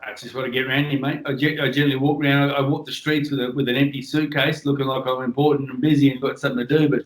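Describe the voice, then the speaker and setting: A blunt, relaxed Australian man from Western Australia who swears freely and talks in an easy, casual way. His voice sits in a middle pitch, and the room gives it a noticeable echo. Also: rapid-fire. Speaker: guest, former world boxing champion. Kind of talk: casual podcast chat.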